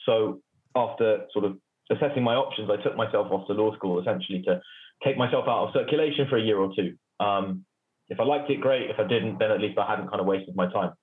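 A man from North London, a guest in an interview, telling his career story in a relaxed, wry way. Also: fairly low pitch, fairly quick, narrow, tinny audio. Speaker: guest, general counsel.

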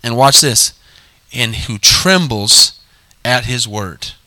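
A man preaching a sermon as pastor, reading scripture slowly and asking the congregation questions he answers himself. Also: mid-range voice, bright, forceful tone, no room sound. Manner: call-and-response preaching, drawn-out scripture reading.

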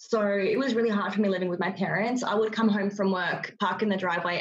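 A woman co-host speaks candidly in casual chat and does not hold back on swearing. Her voice is mid-pitched. It comes through a muffled, lo-fi recording. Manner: candid and blunt, swears freely. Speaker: podcast co-host. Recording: dull, lo-fi sound.

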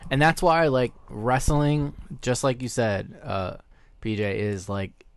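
A man's voice: medium pitch, fairly even intonation, slow, clear, resonant tone. A man co-hosting a podcast interview, talking loosely and repetitively with a fan's enthusiasm. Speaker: podcast co-host.

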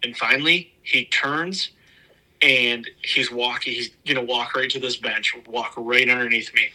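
A man telling a long bowhunting story in a loose, rambling way, full of "like" and "you know", his voice dropping to a hushed whisper at the tense moments. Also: medium pitch, steady tone, measured pace, rough recording. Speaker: bowhunter recounting a hunt. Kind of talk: casual spoken storytelling.

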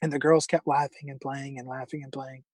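A middle-aged man telling a personal story as a guest in an interview, earnest and halting, with many restarts. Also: medium pitch, flat delivery, a little mellow, no echo.

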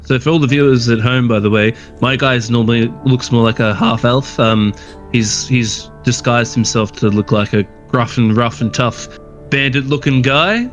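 Man player, mid-pitched, halting and full of ums. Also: muffled recording, faint music behind. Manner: hesitant, filler-heavy. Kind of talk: tabletop role-play.

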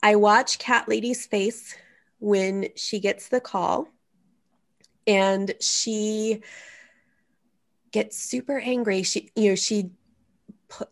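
A woman's voice: mid-range voice, slow, long pauses. A woman hosting a casual comedic advice chat, telling stories animatedly and cussing freely. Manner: profane, animated storytelling. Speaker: podcast host. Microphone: studio microphone.

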